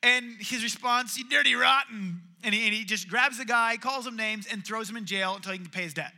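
Animated high-voiced male preacher. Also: a little fast. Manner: animated storytelling, acts out characters' voices. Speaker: pastor. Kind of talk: sermon.

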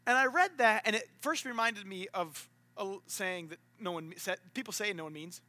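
A man preaching a sermon in a relaxed, conversational way, full of asides and filler words. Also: high voice, fairly quick, no room sound. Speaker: pastor. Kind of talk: casual sermon storytelling.

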